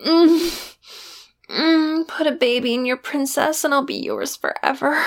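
A young woman performing intimate adult audio role-play, breathy and sighing, often dropping to a whisper. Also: high voice, animated, unhurried.

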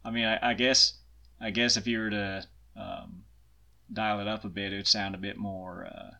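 A man's voice: lowish voice, steady tone, moderate pace, gravelly, sharp tone. A man with a Southern US accent, chatting as a guest in a casual interview, self-deprecating and laughing often.

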